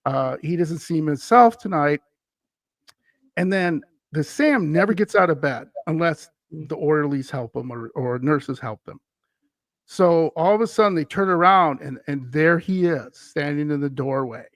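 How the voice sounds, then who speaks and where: A man from Wisconsin tells a ghost story casually, rambling with plenty of "uh"s and little chuckles. His voice is fairly high for a man and gravelly. The sound is dry and close. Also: moderate pace, no echo. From Wisconsin, USA. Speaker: guest, paranormal podcast host.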